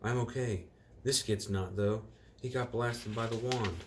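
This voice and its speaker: A man reading aloud and voicing an anxious, loyal boy wizard who is trying to keep his voice steady. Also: lowish voice, measured pace, noisy background, voice pushed up. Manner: shaky, trying to sound steady.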